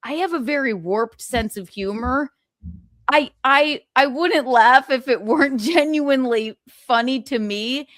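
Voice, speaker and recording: A woman's voice: high voice, a little slow, no room sound, clean studio sound. Woman gossiping with laughing asides. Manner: laughing, animated storytelling with mimicked quotes. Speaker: stream guest. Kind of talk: casual gossip chat.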